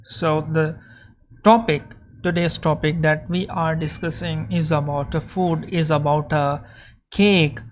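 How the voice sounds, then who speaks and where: A woman teacher explaining a lesson and reading a story aloud over slides, slowly and carefully. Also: low-pitched, steady tone, slight background noise. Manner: slow, explanatory, with restarts.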